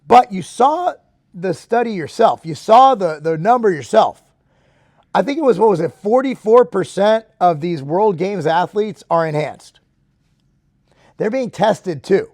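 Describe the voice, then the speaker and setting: Man High-pitched, emphatic fitness show host. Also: unhurried, dry recording, clean studio sound. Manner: emphatic and excitable, talks straight to viewers. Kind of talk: casual opinion talk to camera.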